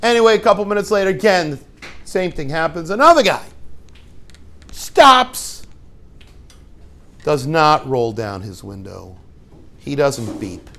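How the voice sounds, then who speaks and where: A rabbi teaching his students through a lively story, acting out the scenes and dropping in joking asides. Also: a little high, takes it slowly, vocal fry, pauses often. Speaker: rabbi and yeshiva head.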